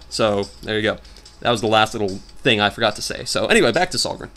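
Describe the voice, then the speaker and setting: A man's voice: fairly low pitch, normal speed, fairly bright tone. A young man rambling through casual, self-mocking commentary while he plays a game. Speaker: let's play host.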